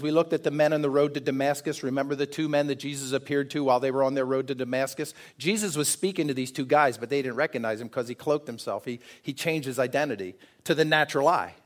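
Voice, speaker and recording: A man's voice: medium pitch, brisk. A man preaching a sermon in an earnest way, often asking the congregation questions. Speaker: pastor.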